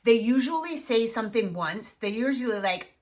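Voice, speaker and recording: A woman coaching parents in an emphatic, animated way, often checking in with "right?". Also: on the high side, normal speed. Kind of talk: advice talk to camera.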